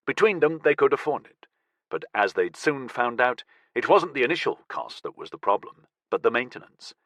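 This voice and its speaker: A man narrating an audiobook in an even, measured reading. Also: mid-range voice, no room sound. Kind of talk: scripted narration.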